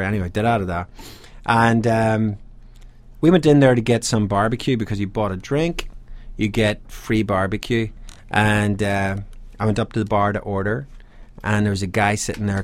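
A man, a singer-songwriter guest telling wry anecdotes in a casual chat. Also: fairly low pitch. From Ireland. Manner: wry anecdotal storyteller, dry humor.

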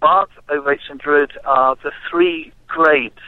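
An English man with a soft West Country accent speaks over a dull, lo-fi phone line. He talks at a middling pitch and pauses often with ums and uhs. The sound is dry and close. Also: steady tone, no echo. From England, West Country. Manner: hesitant, many ums and uhs. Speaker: guest, druid teacher. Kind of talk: phone interview.

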